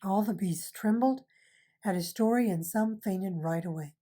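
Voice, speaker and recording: Woman reading a storybook aloud, mellow. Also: medium pitch, measured pace. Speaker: volunteer reader. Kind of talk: reading a children's novel aloud.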